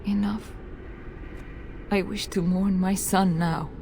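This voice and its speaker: A woman's voice: mid-range voice, steady tone, takes it slowly, warm tone, a little hiss or hum. A desperate noble mother. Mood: grieving. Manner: pleading, emotional.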